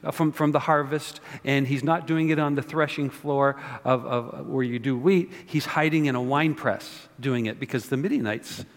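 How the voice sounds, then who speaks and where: A man's voice: medium pitch, normal speed, hardly any pauses. Preaching man in a reverberant hall. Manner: conversational preaching, repeats words, rhetorical questions. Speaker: pastor. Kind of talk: sermon.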